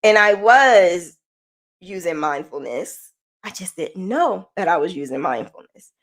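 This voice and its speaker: A woman's voice: fairly low pitch, expressive, unhurried. A woman hosting a podcast, telling a personal story in a candid, conversational way. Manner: candid, conversational, shifting pace. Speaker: podcast host.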